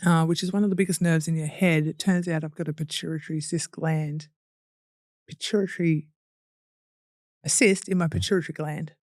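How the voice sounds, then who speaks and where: A young Australian woman guesting on a podcast speaks in a low, slightly mellow voice with fairly even intonation and a moderate pace. She's candid about her hard story, swearing, laughing through the painful parts and performing what people said. The studio recording has no room sound.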